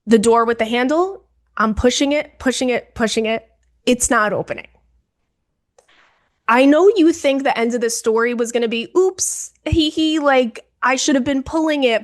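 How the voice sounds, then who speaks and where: Young woman, podcast co-host, casual dramatic storytelling, fairly high voice. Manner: animated, dramatic, talks to listeners as "girl".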